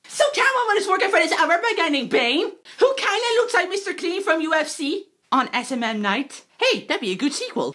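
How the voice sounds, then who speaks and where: A woman giving a sarcastic, excited comic movie recap. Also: very high-pitched, fairly quick. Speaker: movie reviewer.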